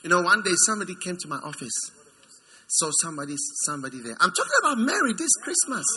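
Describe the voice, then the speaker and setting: A man preaching with a high, very lively voice that leaps up into mocking put-on voices and drops low and quiet. His tone is bright and ringing. He acts out each figure in the story, with a faint room hum behind him. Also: quick pace. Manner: animated, swings from high mocking voices to low intimate tones. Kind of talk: sermon.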